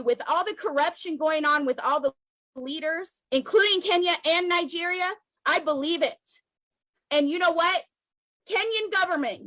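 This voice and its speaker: Fiery high-voiced American woman. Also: bright, forceful tone, no room sound, poor audio. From United States. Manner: fiery, emphatic, repeats lines for force. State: emotional, near tears. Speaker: activist vlogger. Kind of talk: impassioned political address to camera.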